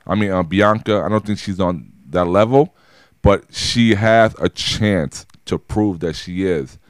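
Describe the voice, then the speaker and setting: A man's voice: low-pitched, measured pace, smooth, no room sound, clean studio sound. A man co-hosting a podcast, talking casually about wrestling in a rambling way, with lots of restarts and repeated words. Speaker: podcast co-host.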